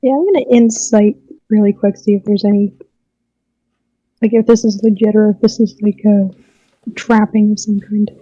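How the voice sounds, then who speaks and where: Mellow woman player on a dull mic. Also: medium pitch, fairly even intonation, dry recording. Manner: chatty, quick to explain. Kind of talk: casual tabletop game play.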